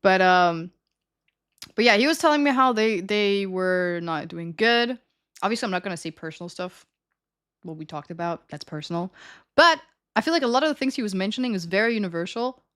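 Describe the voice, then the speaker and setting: A woman's voice: mid-range voice, animated, fairly quick, a bit bright, smooth. A young woman streamer telling a story to her chat in a casual, chatty way, laughing often.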